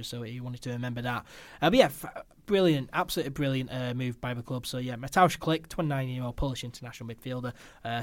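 A man's voice: medium pitch, dry recording. A man hosting a casual football podcast, upbeat and chatty, with many "uh" fillers and repeated words. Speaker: podcast host.

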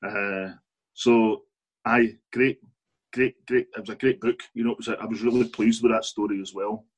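A Scottish man with a lowish, husky voice spins a football yarn as an interview guest. He talks in a relaxed, anecdotal way, laughs often, and keeps restarting his sentences. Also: normal speed, poor audio. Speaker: author and guest. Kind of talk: casual interview storytelling.

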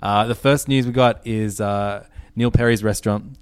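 Profane podcast host, low voice. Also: male voice, steady tone, smooth, dry recording. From Australia. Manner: rambling, profane, quick to laugh. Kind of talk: casual podcast chat.

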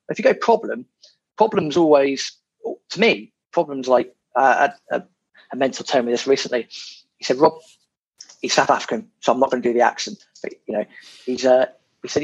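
A podcast guest with a medium-pitched, slightly rough voice speaks fairly quickly, his intonation lively. Chatting casually about property, he swears at times and repeats himself in this relaxed interview, recorded with dull lo-fi audio.

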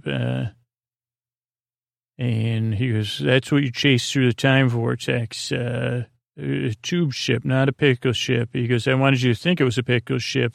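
A man's gravelly, creaky voice drifts through a bedtime retelling with almost no rise or fall. He meanders and stumbles over his words, restarting sentences and filling gaps with "uh". The sound is close and dry, with no room around it. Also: mid-range voice, dry recording. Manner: halting and meandering, many fillers and restarts. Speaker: podcast host. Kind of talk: rambling bedtime retelling of a TV episode.

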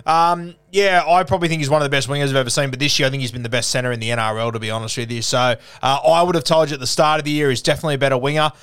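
A man's voice: medium pitch, steady tone, racing, hardly any pauses, a bit bright, smooth. A young Australian man hosting a casual live Q&A, laid-back and chatty, calling everyone mate. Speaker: podcast host.

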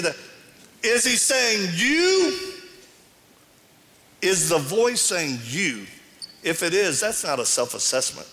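Speaking slowly with long pauses, a middle-aged man with a fairly high-pitched voice delivers a sermon to a live crowd. The large hall echoes as he animatedly tells stories and performs the dialogue.

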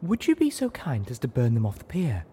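A man voicing a gentle, idealistic female unicorn pony medic who speaks earnestly and pleads. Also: high voice, big pitch swings, moderate pace, a little hiss or hum, pitched above the performer's own voice. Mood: sweet.

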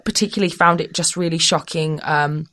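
British woman guest, chatty and lively, lots of laughter, lowish voice. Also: a little fast. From Britain. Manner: animated, laughs often, jumps into playful voices. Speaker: model and guest. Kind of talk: casual interview chat.

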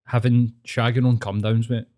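A man's voice: mid-range voice, little pitch movement, moderate pace, warm tone. A middle-aged man with a Scottish accent, hosting a casual podcast and telling a crude story with lots of swearing and laughter. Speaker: podcast host.

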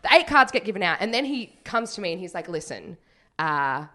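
Bright-voiced woman telling a story. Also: on the low side, brisk. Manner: animated, swearing, laughs while telling stories. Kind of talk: casual storytelling chat.

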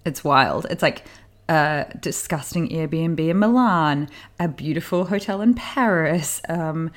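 A woman co-hosting a podcast, talking quietly and casually from a hotel room, as she says. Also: sits low, measured pace. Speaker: podcast co-host, journalist. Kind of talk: casual chat.

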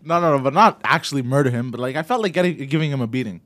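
A man's voice: mid-range voice, racing. A man co-hosting a podcast, telling a story in casual talk, swearing and acting out what was said. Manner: swearing, animated retelling with quoted dialogue. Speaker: podcast co-host.

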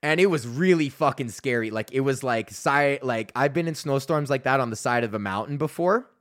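A man's voice: mid-range voice, animated, a little fast, fairly bright tone. A man in his thirties from Canada, hosting a podcast and telling a rambling, profane story in casual chat. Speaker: podcast host and comedian.

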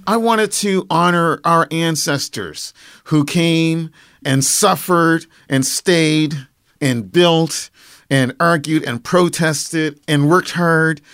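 Man, Nova Scotian accent, poet, expressive, dramatic recitation, bit high-pitched, dry close studio mic. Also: no room sound. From Nova Scotia, Canada. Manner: expressive, savoring words, slow dramatic recitation. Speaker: poet and guest. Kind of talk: interview answers and recited poetry. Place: radio studio. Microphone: studio microphone.

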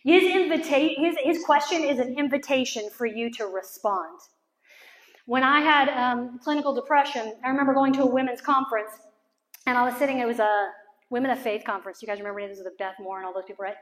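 A middle-aged woman preaching a sermon to a live audience in a large room. She talks with passion, climbs to near-shouting peaks, drops to a soft prayer voice, and acts out quotes and jokes with the crowd. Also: a little high, brisk. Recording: echoey room.

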